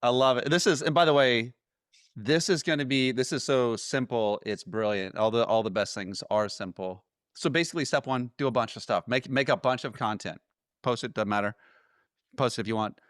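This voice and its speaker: A man's voice: mid-range voice, a little fast, fairly bright tone, no room sound, clean studio sound. A man hosting an interview, enthusiastic and chatty, often restarting his sentences. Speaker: host. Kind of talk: casual interview chat.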